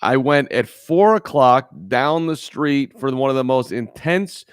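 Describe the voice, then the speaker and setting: A man's voice: medium pitch, a little slow, clear, resonant tone, no room sound, studio quality. A man co-hosting a casual sports podcast, telling a rambling story with lots of restarts. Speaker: podcast co-host. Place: in Chicago.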